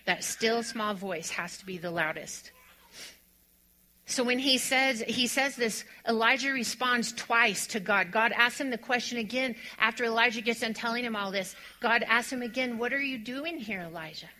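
A woman preaching a sermon, reading scripture and explaining it, dropping to a hush and then building to emphatic high points. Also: normal speed, low-quality recording. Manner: expressive, drops to a hush on quiet lines and rises to emphatic on strong ones.

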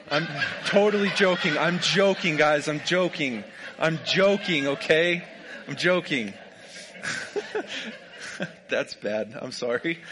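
A young man with a drawl, telling a personal story in a relaxed, jokey way and laughing often. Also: mid-range voice. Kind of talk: casual storytelling.

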